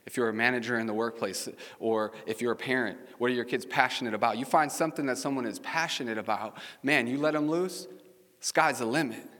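A man's voice: medium pitch, steady tone, a little fast, fairly bright tone. A man preaching a casual, chatty sermon, telling stories and asking the congregation questions. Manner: storytelling, chatty, asks the audience questions. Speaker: pastor. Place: church sanctuary with congregation. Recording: long reverb of a large hall.

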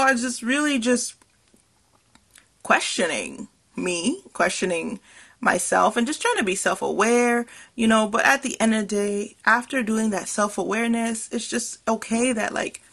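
A woman's voice: on the high side, fairly bright tone. A woman hosting a podcast, talking alone in an earnest, passionate and self-reflective way, with many fillers and small laughs. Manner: passionate, emphatic delivery. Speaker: podcast host. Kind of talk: reflective solo podcast talk.

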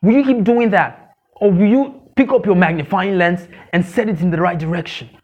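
Male pastor, high voice, emphatic sermon with repeated refrains, muffled low-fidelity recording. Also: moderate pace. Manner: emphatic, repeats key phrases, asks the congregation questions; acts out gossip in a mocking squeaky voice.

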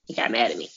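A woman's voice: medium pitch, bright, forceful tone, husky, highs cut off. A woman hosting a podcast in casual chat, emphatic and exasperated, often laughing. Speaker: podcast host.

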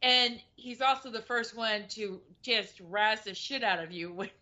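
A woman's voice: fairly high pitch, fairly even intonation, measured pace, bright, forceful tone. A woman, a stand-up comedian, chatting casually in a blunt way and swearing freely. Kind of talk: casual chat. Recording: dull lo-fi recording.

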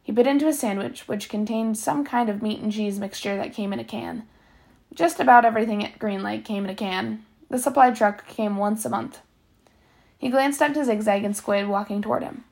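A woman's voice: mid-range voice, normal speed, creaky. Woman reading a novel aloud, with slips. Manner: steady reading, with slips and self-corrections. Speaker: reader.

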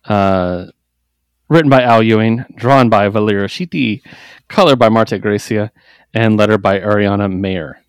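A man co-hosting a casual podcast, recapping comics in an animated way, jumping into quick character voices and laughing often. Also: lowish voice, clean tone, dry recording. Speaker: podcast co-host. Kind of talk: casual comic book chat.

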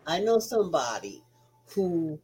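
A woman's voice: lowish voice, very animated, measured pace, a little mellow, breathy edge, rough recording. An older woman, the host's mother, giving frank, motherly advice as a guest co-host in casual chat.

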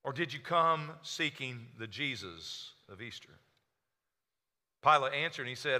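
A man's voice: mid-range voice, lively intonation, a little slow, sharp tone. A man preaching a sermon as pastor, acting out the people he quotes. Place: church sanctuary. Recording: reverberant church hall.

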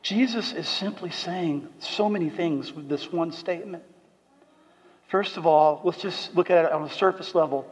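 High-voiced man preaching in a reverberant hall. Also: moderate pace, breathy edge. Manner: emphatic preaching, drops to soft earnest tones. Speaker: pastor. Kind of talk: sermon. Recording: dull sound with long hall reverb.

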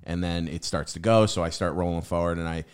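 A man's voice: steady tone, a little fast, clean tone. A man, a podcast host, chatting casually and telling a jokey story, swearing as he goes. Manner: jokey, swearing, slips into higher voices for quotes. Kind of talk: casual chat.

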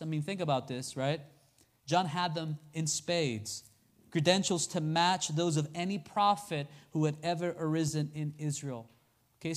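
High-voiced male preacher. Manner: conversational, asks the congregation questions. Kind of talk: sermon.

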